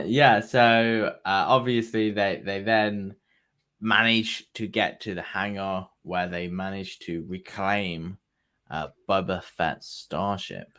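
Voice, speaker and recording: A man's voice: low-pitched, steady tone, takes it slowly, fairly bright tone. A man co-hosting a podcast, chatting casually with some hesitation and dry jokey asides. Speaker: podcast co-host. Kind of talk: casual fan review chat.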